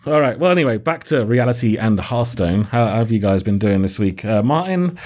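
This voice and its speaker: A man's voice: lowish voice, expressive, brisk, a little mellow. Joking young man hosting a podcast. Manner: joking, self-deprecating. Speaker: podcast host. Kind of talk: casual podcast banter.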